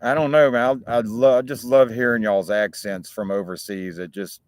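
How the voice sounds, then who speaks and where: A man with a Southern American accent, voice pitched fairly low, talks at normal speed with fairly even intonation on a dry recording. He hosts a casual, rambling live-stream talk show outdoors in the chill, with frequent restarts.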